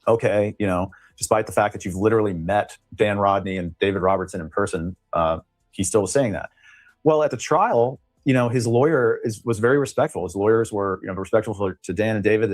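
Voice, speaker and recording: Low-voiced, fast-talking male attorney. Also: a little mellow, no echo. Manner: measured, explanatory, long-winded. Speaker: attorney guest. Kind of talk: interview conversation.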